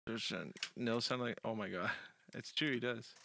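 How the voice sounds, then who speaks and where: A woman's voice: very deep voice, normal speed, gravelly. A playful woman chatting casually and laughing as she reacts to a song and practices along with it. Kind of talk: casual chat reacting to music. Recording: loud music playing over the voice. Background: loud music.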